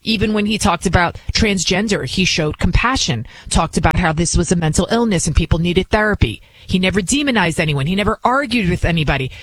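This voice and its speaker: A woman's voice: lowish voice, lively intonation, brisk, few pauses, slightly rough, no echo, rough recording. A woman hosting a commentary show who talks in an indignant, scornful way, often restarting her sentences. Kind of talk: opinionated commentary, playing clips.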